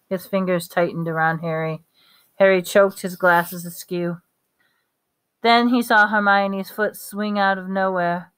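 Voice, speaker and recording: A woman's voice: fairly low pitch, fairly even intonation, measured pace, a bit bright, clean tone. A woman reading a novel aloud, now and then stumbling and correcting her words. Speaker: reader.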